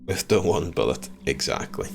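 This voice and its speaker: A man streaming a game live, chatting with viewers, swearing freely and reacting loudly to what happens on screen. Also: a bass voice, expressive, moderate pace, creaky, music in the background. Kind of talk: live gameplay commentary.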